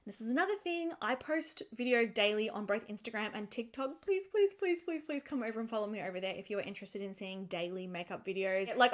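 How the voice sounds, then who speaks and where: A woman beauty vlogger giving a casual, chatty product review, animated and emphatic, often repeating words for effect. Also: fairly high pitch.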